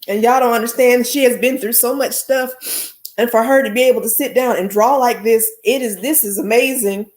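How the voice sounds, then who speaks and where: A woman's voice: fairly high pitch, steady tone, fairly quick, a little mellow. A woman hosting a casual livestream, talking to her viewers in an effusive way and repeating her exclamations. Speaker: livestream host.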